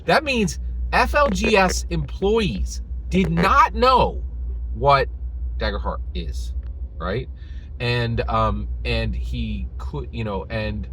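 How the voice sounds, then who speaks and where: Guy ranting about a game, bright punchy voice, keeps saying right?, bit of noise behind. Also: mid-range voice, expressive, takes it slowly, poor audio. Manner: emphatic, repetitive, keeps asking "right?". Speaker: game reviewer. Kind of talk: opinionated video rant.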